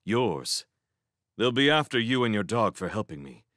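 A man voicing an urgent, commanding young male merchant in chains, in a storybook reading, speaking in brisk instructions. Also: on the low side, sing-song, a bit bright, dry recording, clean studio sound. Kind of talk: storybook character voice.

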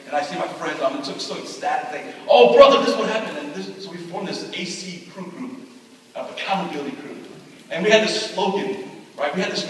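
A young man preaching a sermon, telling a personal story and acting out what people said, going from loud excitement to hushed speech. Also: on the high side, a little hiss or hum. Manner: storytelling with acted-out quotes. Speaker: pastor. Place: large hall at a retreat. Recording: echoey hall from far off.

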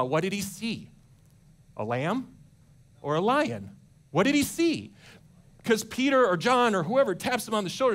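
Animated, higher-voiced male pastor preaching. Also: normal speed. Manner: animated, asks congregation questions, colloquial. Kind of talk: sermon. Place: church.

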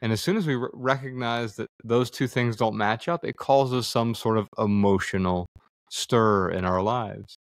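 A man's voice: medium pitch, moderate pace, no echo, studio quality. A man talking thoughtfully as a guest in a conversation, explaining ideas through examples, sometimes restarting a word. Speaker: podcast guest. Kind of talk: reflective conversation.

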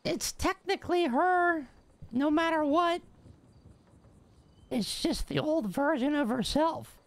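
High, creaky woman in roleplay chat. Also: slow, no room sound.

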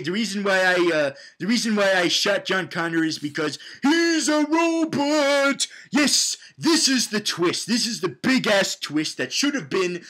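A young man with a high-pitched voice rambles through a comedic movie recap. He is sarcastic and profane, and he keeps restarting his sentences. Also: a bit bright. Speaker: movie reviewer.

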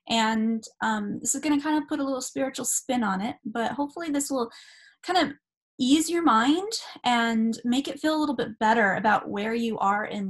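A woman in her thirties from Southern California talks straight to her camera in a casual, earnest vlog. Her voice sits a little high, and she drifts along with plenty of ums, restarts and you-knows. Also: gravelly, husky. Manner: chatty, many fillers and restarts, earnest. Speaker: spiritual vlogger. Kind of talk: casual spiritual talk to camera.

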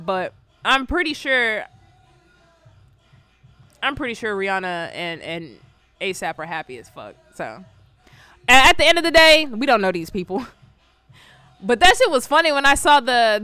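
Bright, animated woman reacting to memes. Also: a little high, no room sound. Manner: animated, laughs often, rambling and slangy. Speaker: online reactor, host. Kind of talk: casual meme-reaction chat.

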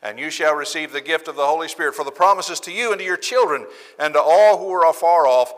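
A man's voice: fairly high pitch, fast, a bit bright. A man preaching a sermon in a church, emphatic and repeating phrases for stress. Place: church sanctuary. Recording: church hall reverb.

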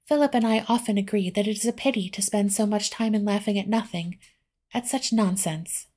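A woman softly voicing an earnest, confiding young lady in a whispered role-play reading. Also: mid-range voice, brisk, natural voice. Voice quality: soft, breathy.

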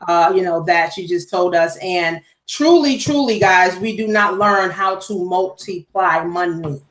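A woman's voice: fairly low pitch, a little slow, a bit bright. A woman hosting a conference call, repeating affirmations and bringing on the next speaker. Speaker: call host. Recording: echoey line.

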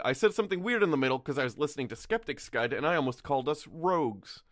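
A man's voice: a little high, lively intonation, a bit bright, no room sound, clean studio sound. A man co-hosting a podcast, chatting casually in a rambling way with laughs. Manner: rambling, laughing, quick asides. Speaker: podcast co-host. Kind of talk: casual chat.

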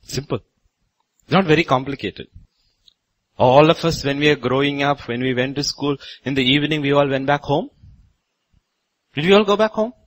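A man pastor from India preaching a sermon in a church, with sudden loud rises on repeated phrases. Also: fairly high pitch, moderate pace, long pauses, no room sound, poor audio.

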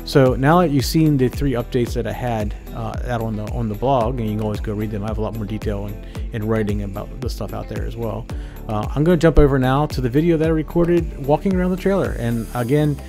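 A man's voice: medium pitch, quick pace, few pauses, music in the background. A man hosting a ham radio channel, casually walking through his setup with lots of fillers and restarts. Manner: relaxed, many fillers and restarts. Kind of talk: casual walkthrough narration. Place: inside a trailer, walking around. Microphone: phone.

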